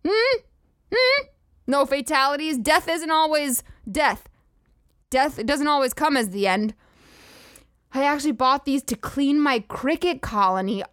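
A woman's voice: high voice, a little slow, a bit bright, dry recording, studio quality. A woman hosting a podcast, ranting in a profane, incredulous and sarcastic comedic style. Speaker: podcast host. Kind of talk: comedic rant.

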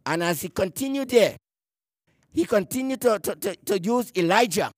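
A man delivers a sermon, reading scripture aloud and preaching with emphasis. He slows to stress key words and sometimes repeats a word while reaching for the next. His high voice is expressive, and the clean studio recording has no room sound.

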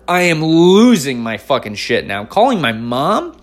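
Animated, swearing comedian man. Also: mid-range voice, normal speed. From North Carolina. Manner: animated, swears a lot, swings between loud outbursts and mumbled asides. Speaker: stand-up comedian. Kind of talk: profane comic storytelling.

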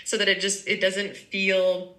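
A woman's voice: mid-range voice, completely flat delivery, a little slow, roomy sound, a crowd in the background, poor audio. A woman co-hosting a podcast in casual chat, affirming and reflective, checking in with "right?". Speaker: podcast co-host.

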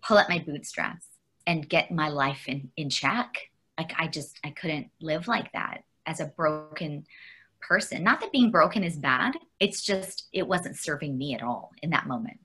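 Earnest, halting woman telling her story. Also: sits low, lively intonation, pushed and bright, breathy edge. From Canada. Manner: earnest, halting, with many fillers and restarts; laughs often while telling her story. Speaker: interview guest. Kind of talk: candid personal storytelling.

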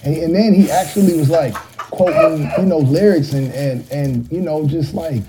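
A man's voice: fairly high pitch, normal speed, noisy background. A middle-aged man, a rapper, casually telling a rambling story full of fillers, now and then mimicking other voices.

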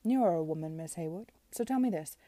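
A man's voice: fairly high pitch, expressive, quick pace, warm tone, no echo, lightly acted. A woman reading aloud as a young male lord, earnest and perplexed, in a storybook reading.

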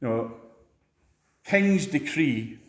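A man's voice: lively intonation, extremely slow, reverberant. A man preaching a sermon in a church, emphatic and rousing. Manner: emphatic, rousing, jumps high for stress.

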